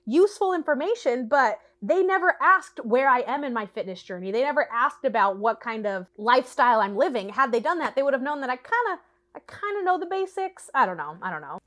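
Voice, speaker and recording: A woman in her late twenties giving a sarcastic, animated product review rant, acting out quotes. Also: sits high, fairly quick. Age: late 20s. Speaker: vlogger.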